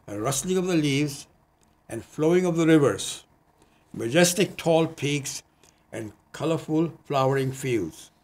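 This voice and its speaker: A man, a poet, reading his own poems in an earnest, measured way, with hesitant spoken asides between them. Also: mid-range voice, a little mellow, slightly rough. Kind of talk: poetry reading. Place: community TV studio.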